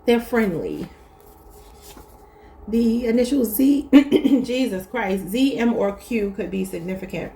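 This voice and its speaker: A woman's voice: on the high side, lively intonation, slow, gravelly, mellow, slight background noise. A woman with a Baltimore accent, giving a casual, chatty tarot reading and talking straight to her viewers. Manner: chatty, addresses viewers as y'all. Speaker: tarot reader.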